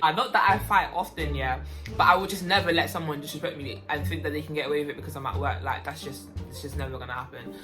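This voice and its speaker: Young woman, low-pitched, animated storytime vlog, music behind. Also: quick pace. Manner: animated, swings into loud high outbursts. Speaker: waitress telling a story.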